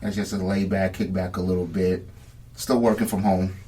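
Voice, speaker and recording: A man's voice: low-pitched, level tone, normal speed, dark tone. A man co-hosting a podcast in casual chat, laid-back and agreeable, mostly giving short replies. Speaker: podcast co-host. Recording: voice a bit far from the mic.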